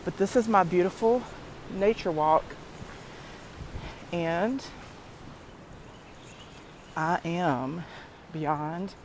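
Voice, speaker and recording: Slow, soft-spoken woman on an outdoor walk. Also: low-pitched, a little hiss or hum. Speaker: vlogger. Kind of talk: casual walking vlog. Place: outdoors on a nature path.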